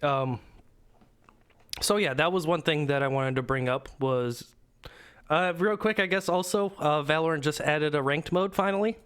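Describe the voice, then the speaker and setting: Smooth-voiced guy rambling about games. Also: on the high side, normal speed, a bit bright. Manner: rambling, filler-heavy, swears casually. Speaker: podcast co-host. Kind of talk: casual gaming podcast chat.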